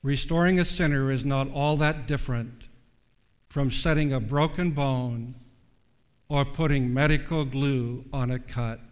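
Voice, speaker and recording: A man preaching a sermon, measured and earnest, slowing down to stress key words. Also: medium pitch, clean tone. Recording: long reverb.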